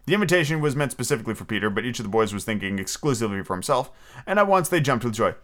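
Man at mid pitch, casual podcast host reading aloud and rambling with fillers and blunt asides. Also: big pitch swings, very fast, a bit bright. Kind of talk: casual chat and storybook reading.

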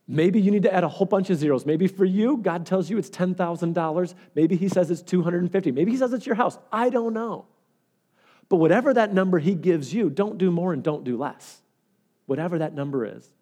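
A man's voice: sits high, dark tone. A male pastor preaching a sermon in an earnest, conversational way and telling stories.

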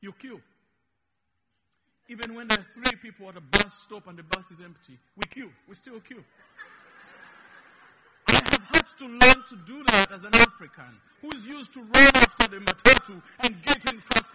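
A man from Uganda with a Ugandan accent and Luganda as his first language, preaching a slow, emphatic, playful sermon in a church. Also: very high voice, long reverb tail, very noisy. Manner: slow, emphatic, dynamic in loudness, playful teasing.

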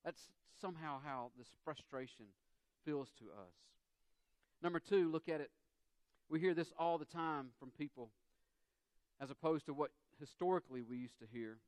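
A man's voice: on the high side, normal speed, a little mellow, clear, resonant tone, dry recording. A man with a Southern US accent preaching a sermon, acting out quotes and everyday dialogue as he goes. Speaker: pastor.

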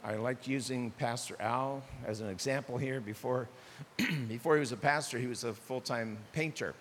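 An older American pastor with a medium-pitched voice delivers a sermon at normal speed, animatedly acting out little dialogues in shifting voices. A long hall reverb and faint hiss fill the recording.

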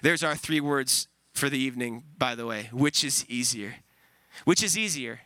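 A man's voice: medium pitch, expressive, normal speed, sharp tone, no echo, rough recording. A man pastor preaching an earnest, emphatic sermon, repeating key phrases for weight.

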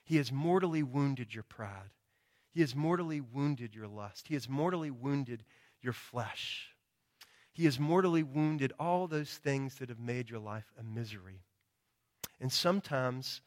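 A man preaching a sermon in an emphatic, rhetorical way, often asking "right?" and acting out quoted confessions in a raised voice, with a chesty cough. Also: mid-range voice. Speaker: pastor.

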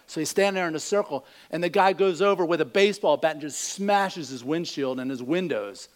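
High-voiced folksy preacher. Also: male voice, fast, hardly any pauses. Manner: folksy storytelling, acts out voices in jokes. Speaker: pastor. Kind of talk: sermon with a joke.

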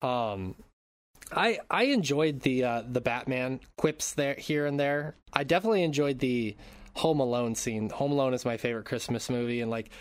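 A podcast host chats casually about movies, reading plot summaries aloud and making crude jokes. His medium-pitched voice moves at normal speed and is clear and resonant, with no echo.

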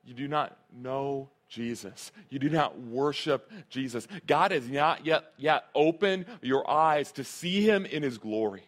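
A man's voice: mid-range voice, measured pace, few pauses. A male pastor preaching a sermon, earnest and emphatic, repeating his key phrases.

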